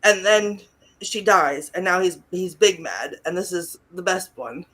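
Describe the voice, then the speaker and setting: A woman's voice: fairly low pitch, lively intonation, measured pace, a bit bright. A young woman co-hosting a podcast, casually recapping a film and often dissolving into giggles. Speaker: podcast co-host. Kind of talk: casual movie-recap chat.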